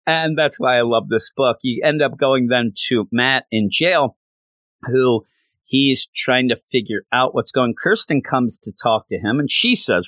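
A man's voice: mid-range voice, measured pace, fairly bright tone, no room sound. A man reviewing a comic book in a casual, rambling, passionate way, with lots of fillers.

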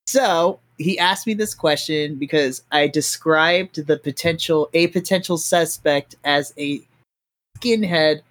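A man hosting a relaxed podcast chat after a tabletop game, explaining things at length. His voice sits a bit high, and he talks in loose, filler-heavy sentences. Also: takes it slowly, no room sound. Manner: chatty, explains with lots of fillers. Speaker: game master and host.

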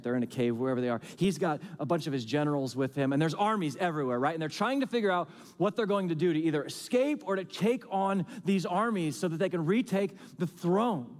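Man, 30s, pastor, sermon, animated delivery, fairly high voice, echoing church hall. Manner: animated, swinging between loud emphasis and quiet drawn-out lines. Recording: long hall reverb.

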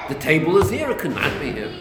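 A man's voice: on the high side, huge pitch swings, fast, noisy background. A man teaching a text study lecture on a Chassidic discourse. He searches for words, repeats himself and uses many Yiddish and Hebrew terms. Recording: echoey room.

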